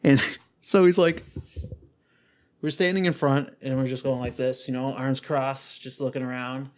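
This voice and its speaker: A man's voice: normal speed, very noisy. A young man and podcast co-host telling a party story in casual chat, acting out quotes and swearing a lot. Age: young adult. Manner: animated storyteller, acts out quotes with big pitch jumps, swears a lot.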